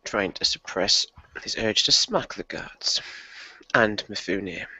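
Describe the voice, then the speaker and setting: A man playing a tabletop role-play game, describing his character with a quick delivery. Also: on the low side, animated, slightly rough, dry recording. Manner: quick, bright delivery, laughs easily. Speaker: player. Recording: dry, slightly muffled close mic.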